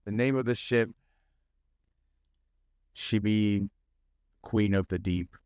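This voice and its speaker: A loyal male first mate, as a game master plays him, speaking with formal, respectful dignity in a very deep, clear voice. The sound is dry and close, like a fantasy tabletop game. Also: takes it slowly, a little mellow, no room sound.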